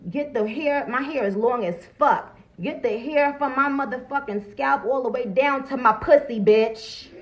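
A woman's voice: high voice, normal speed, highs cut off. A woman chatting bluntly and profanely on a phone livestream, greeting viewers as she talks. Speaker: livestream host. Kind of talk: casual livestream chat. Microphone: phone camera.

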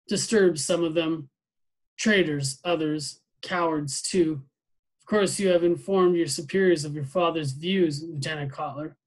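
A man voicing a stern senior commandant who questions slowly and pointedly. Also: fairly high pitch. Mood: probing. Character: stern senior male commandant, probing and menacing.

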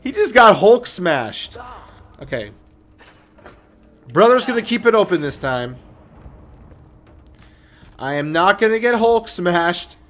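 A man giving excitable, joking let's play commentary on a game, swearing and talking back to the screen. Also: high voice, slow, pauses often, soft background music. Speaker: gaming commentator. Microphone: new desk mic with webcam.

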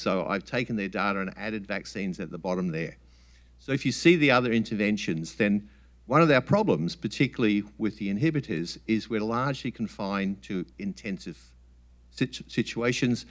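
A man giving a relaxed, plain-spoken scientific talk at a summit, with frequent ums and restarts. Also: on the low side. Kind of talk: conference talk with slides.

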